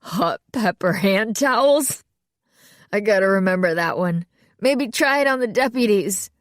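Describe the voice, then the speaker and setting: A woman voicing a folksy, mocking male small-town sheriff with a slow drawl. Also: mid-range voice, expressive, no room sound, clean studio sound, pitched above the performer's own voice, natural voice. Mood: amused.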